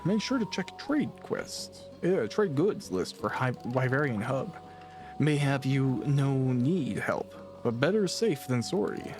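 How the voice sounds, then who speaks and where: A man's voice: mid-range voice, natural voice. Man playing a shrewd foreign merchant. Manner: stilted formal broken English.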